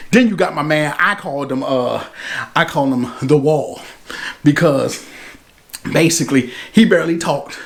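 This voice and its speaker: A man giving a casual, animated movie review, retelling the plot with slang. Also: on the high side, fairly quick. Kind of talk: casual spoken film review.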